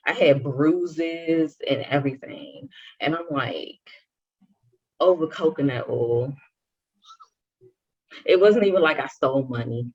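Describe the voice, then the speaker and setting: A woman's voice: sits low, slow pace, long pauses, a little mellow, slightly rough. A young adult woman co-hosting a podcast, telling a personal story and acting out the dialogue with animation. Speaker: podcast co-host. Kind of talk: casual chat, personal story. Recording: dull lo-fi sound.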